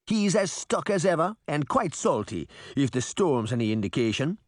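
A man's voice: on the high side, sing-song, moderate pace, no echo, studio quality, voice pushed up. A man voicing a grumbling, wry male spirit in a magic mirror with a thick Caribbean accent. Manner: grumbling, easygoing.

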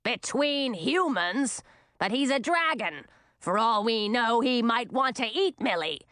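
A woman voicing a cranky old female witch in a storybook, with a raspy, snappish, scornful voice. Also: on the high side, expressive, unhurried, fairly bright tone, dry recording, clean studio sound. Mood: grumbling.

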